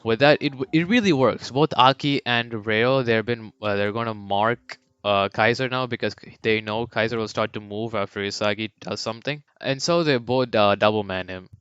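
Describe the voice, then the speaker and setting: A young man casually narrating a fan-made sports story, rambling and swearing, with sudden high character voices. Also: normal speed, hardly any pauses, fairly bright tone, clear, resonant tone, dry recording. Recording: dull lo-fi mic with faint background music.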